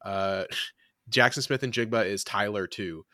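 A man co-hosting a casual sports podcast, animated and quick to laugh, with frequent asides. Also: lowish voice, no echo, studio quality. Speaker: podcast co-host.

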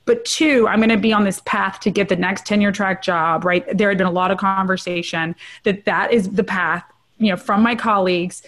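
A middle-aged woman, a trauma researcher, candidly telling her personal story as a guest in an interview and often checking in with a quick "right?". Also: medium pitch, steady tone, fairly bright tone.

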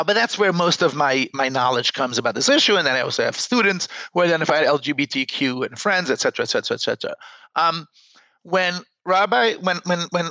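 Earnest rabbi with a bright voice. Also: male voice, medium pitch, dry recording, poor audio. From United States. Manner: earnest, repeats words when starting sentences. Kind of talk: panel discussion.

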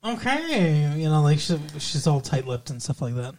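A man's voice: a little high, a little fast. Chatty man retelling a movie scene. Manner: animated, acts out characters' lines while retelling scenes. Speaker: podcast co-host. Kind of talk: casual movie-review chat.

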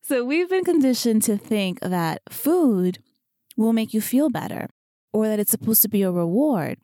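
Near tears, a woman runs her solo fitness podcast in a higher, warm and animated voice at normal speed. As host and coach, she's earnest and heartfelt, chatting casually with lots of asides and "you know," in clean, dry studio sound from a podcast microphone.

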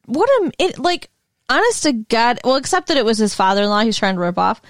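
A woman from Michigan co-hosting a podcast, chatting quickly and casually about a movie. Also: a little high, expressive, no echo, clean studio sound. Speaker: podcast co-host.

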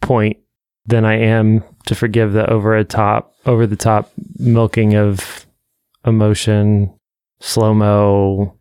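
A man's voice: lowish voice, completely flat delivery, slow, darkish tone, smooth, dry recording. A man co-hosting a casual movie-review talk, speaking bluntly in short remarks. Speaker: podcast co-host. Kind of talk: casual chat.

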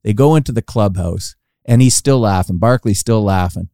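Male storyteller, low and warm, animated when quoting, dry close podcast sound. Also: moderate pace, no echo. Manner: animated storytelling, acting out quoted lines with rising pitch. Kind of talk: casual anecdote telling.

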